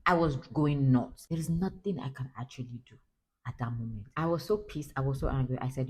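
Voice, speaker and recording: A woman's voice: extremely low pitch, a little fast, a little mellow, breathy edge, poor audio. A young Nigerian-accented woman chatting casually to camera as a mother, laughing often and slipping into pidgin. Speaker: mother vlogger.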